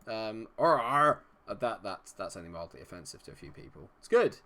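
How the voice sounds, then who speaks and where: A man's voice: fairly low pitch, very animated, a little fast, pushed and bright. Young dorset guy streaming a football game, chatty, self-deprecating, hums and mutters to himself. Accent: Dorset English. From England, Dorset. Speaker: gaming streamer. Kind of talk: live game commentary.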